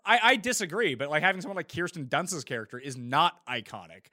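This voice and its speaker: A man's voice: a little high, sing-song, fairly quick, sharp tone. A man hosting a casual podcast debate, blunt and opinionated about TV shows. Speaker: podcast host.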